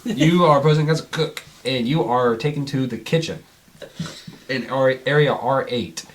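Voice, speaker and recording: A man's voice: mid-range voice, moderate pace, a little hiss or hum. A man narrating as game master for a tabletop game, loose and rambling with many fillers.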